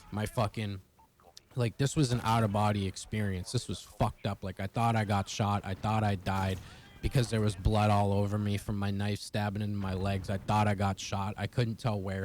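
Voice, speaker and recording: A young man's fairly low voice carries a casual, profanity-laced, fast-rambling personal story aimed at his viewers. He's a vlogger, and a bit of background noise sits under the recording.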